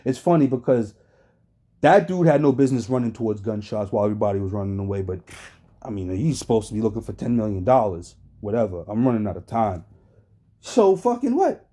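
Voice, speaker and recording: Hyped up streamer guy, swings his pitch all over, cusses nonstop, slangy. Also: fairly quick. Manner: animated, swears constantly, laughs often, slangy. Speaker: streamer reacting to a trial. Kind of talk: profane casual commentary.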